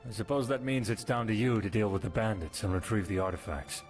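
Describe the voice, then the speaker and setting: A man's voice: fairly low pitch, fast talker, faint music behind, lightly acted. A man voicing a weary guard captain. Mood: stern. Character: dutiful male town guard captain, gruff. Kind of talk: modded game character dialogue.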